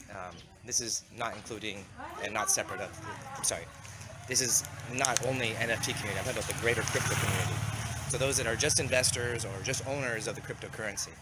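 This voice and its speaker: On the low side and quick, this man's voice comes from a vlogger and community founder who has a cold. Strolling through town toward a river, he rambles conversationally and corrects himself, with clear street noise around him.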